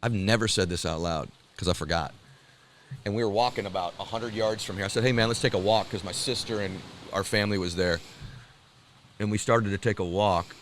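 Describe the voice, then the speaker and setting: A man telling a personal story in an animated, excited way, laughing and calling the listener brother and dude. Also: on the low side, fairly quick, slight background noise.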